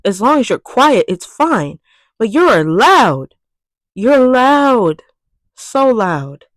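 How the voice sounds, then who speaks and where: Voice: mid-range voice, big pitch swings, drawn-out words, fairly bright tone, no echo, low-quality recording. Exasperated profane vlogger ranting. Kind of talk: casual rant to camera.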